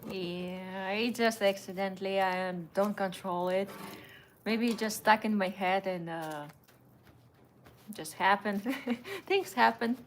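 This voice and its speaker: A woman with a Russian accent, a native Russian speaker, chatting on a livestream in halting English with many fillers and giggles. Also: mid-range voice, a little hiss or hum. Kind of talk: casual livestream chat.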